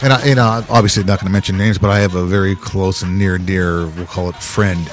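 A man's voice: low-pitched, fairly even intonation, quick pace, soft background music. Frank man telling crude anecdotes. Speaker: podcast co-host. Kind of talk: casual podcast chat.

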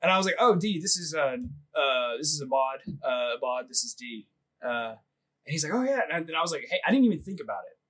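A man's voice: a little high, very animated, fast talker, a bit bright. A man in his thirties on a comedy podcast, telling a crude story in a rambling way, laughing often and leaning on filler words. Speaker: podcast co-host.

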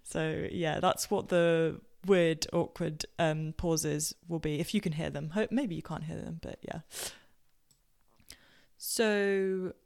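A woman's voice: sits low, fairly even intonation, takes it slowly, gravelly, darkish tone. A woman from Southampton with a posh southern English accent, telling personal stories on her podcast in a rambling way, with many fillers and self-corrections. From Southampton, England. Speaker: podcast host. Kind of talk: casual personal storytelling.

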